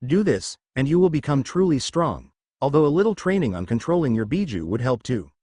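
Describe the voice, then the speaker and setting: Man reading as a confident young ninja hero, preachy, lively pitch, dry sound. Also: brisk, dry recording.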